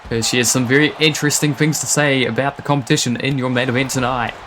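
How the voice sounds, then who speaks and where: A man calling a wrestling match live, excitable and quick to laugh and exclaim. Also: medium pitch, faint music behind. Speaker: wrestling commentator. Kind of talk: live play-by-play commentary.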